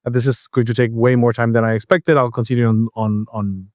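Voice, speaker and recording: A man co-hosts a casual podcast, telling a work story at an ordinary pitch. He stops and restarts often and acts out the other people's lines as he goes. The sound is dry and close. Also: little pitch movement, darkish tone, no room sound. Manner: storytelling, halting with restarts, acts out quoted voices. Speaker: podcast co-host. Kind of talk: casual chat.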